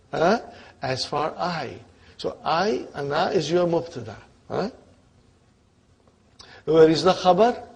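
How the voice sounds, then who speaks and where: A male teacher leads a classroom grammar lesson, patient and prodding, often checking whether his students are keeping up. His voice sits a little high and has a husky edge. He takes his time, spelling out each term slowly. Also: a little mellow. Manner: quizzes students with frequent prompting checks; patient, repeats terms slowly.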